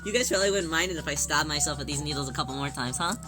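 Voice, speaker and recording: A woman chatting casually on a livestream as she sews, playful and giggly, answering chat and whining in drawn-out yelps. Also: sits low, music in the background. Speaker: streamer.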